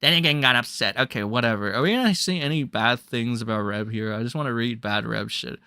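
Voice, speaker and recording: A man's voice: mid-range voice, fairly quick, clear, resonant tone, dry recording, studio quality. A young man ranting bluntly and crudely as a drama commentary streamer on a livestream. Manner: blunt, crude, ranting with sudden loud jumps.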